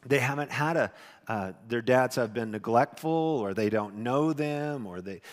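A middle-aged male pastor giving a sermon with a personal story, animated and loud at times, then hushed and tender. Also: mid-range voice, measured pace. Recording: long hall reverb.

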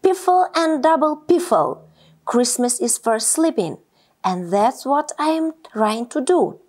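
Grumpy old male badger, gruff and scolding, played by a woman reader. Storybook. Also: high voice, expressive, measured pace, darkish tone. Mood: spluttering. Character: grumpy old male badger who hates being woken. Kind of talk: storybook read-aloud.

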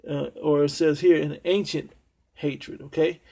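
A man preaching a sermon. He reads archaic scripture slowly and adds commentary, often ending points with "okay?" and "man". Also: a little high, creaky, mellow, slightly rough.

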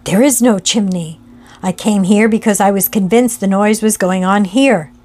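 A woman reading aloud, voicing an angry, excitable male lawyer who speaks sharply. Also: medium pitch, moderate pace, close to an everyday voice. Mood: tense. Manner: sharp and agitated.

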